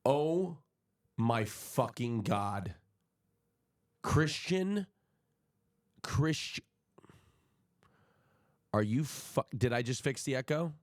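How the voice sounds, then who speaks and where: Unhurried profane male streamer. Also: medium pitch, no echo, studio quality. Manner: profane, excitable, mock-outraged. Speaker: livestreamer. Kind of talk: casual livestream chat. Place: home streaming setup.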